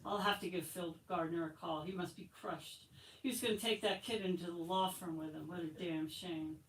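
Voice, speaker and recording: A woman's voice: lowish voice, fairly even intonation, normal speed, lightly acted. A woman voicing a subdued, grieving middle-aged father, read aloud in an echoey room from far off. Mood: shaken.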